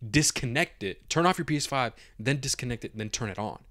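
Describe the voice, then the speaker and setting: A young man on a podcast telling a long story in casual chat, animated, swearing freely and acting out what everyone said. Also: medium pitch, brisk, no echo, studio quality. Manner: animated, swears a lot, acts out his own quotes. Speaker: podcast co-host.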